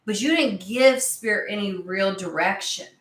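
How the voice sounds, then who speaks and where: A woman's voice: medium pitch, normal speed. A woman giving a casual tarot reading, chatty and blunt, swearing freely as she talks. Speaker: tarot reader. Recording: echoey room.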